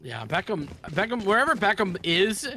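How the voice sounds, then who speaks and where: A man casting a live esports match, building fast excitement during big plays. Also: sits high, a little hiss or hum. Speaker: esports play-by-play caster.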